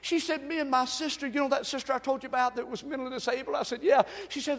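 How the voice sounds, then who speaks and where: A man preaching as a pastor, swinging from shouted exhortation to soft, hushed storytelling. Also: extremely high pitch, fairly even intonation, quick pace, hardly any pauses. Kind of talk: sermon. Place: church sanctuary. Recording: long reverb of a large hall.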